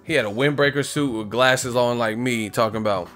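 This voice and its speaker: A man's voice: medium pitch, a little fast, a bit bright, soft background music. A young man hosting a boxing livestream, rambling and joking in casual, profane chat.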